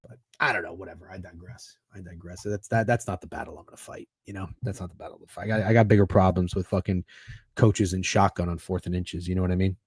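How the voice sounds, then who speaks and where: A man's voice: sits low, steady tone, quick pace, slightly rough, no echo, studio quality. A man hosting a sports betting stream, chatting casually in a rambling, profane, sarcastic way. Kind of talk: casual livestream chat.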